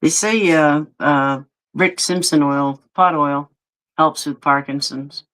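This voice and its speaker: A man in casual chat, telling a work story in an unhurried, laid-back way. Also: a little high, fairly even intonation, fairly bright tone, low-quality recording.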